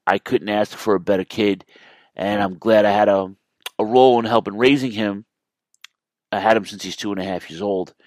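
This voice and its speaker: A man with a lowish voice hosts a podcast, talking casually and from the heart, stopping and restarting his sentences. He sounds like he is in his thirties. The recording is dry and close, with no room sound. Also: fairly even intonation, moderate pace, darkish tone, no echo. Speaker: podcast host. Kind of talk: casual chat.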